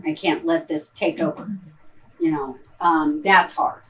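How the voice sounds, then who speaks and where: A woman's voice: deep voice, flat delivery, a little slow, far from the mic, rough recording. A woman with a Midwestern accent, an actress answering audience questions after a performance in a rambling, hesitant way full of ums and restarts. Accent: Midwestern American. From Ohio. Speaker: stage actress in a post-show talkback. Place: theater auditorium.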